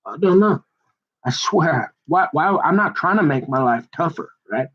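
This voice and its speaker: A man's voice: on the high side, lively intonation, normal speed, husky, muffled recording. A middle-aged man rambling in casual, digressive chat with folksy turns of phrase. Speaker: vlogger.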